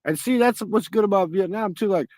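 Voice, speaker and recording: A man's voice: high-pitched, brisk, a little mellow, no room sound. A man hosting a stream, telling rambling, profane stories in casual chat. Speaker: stream host.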